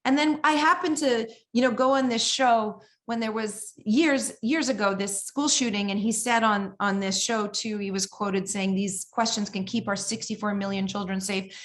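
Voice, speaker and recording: A woman giving a keynote talk at a conference, telling stories in an animated way and often asking "right?" and "you know". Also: medium pitch, normal speed, hardly any pauses. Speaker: keynote speaker.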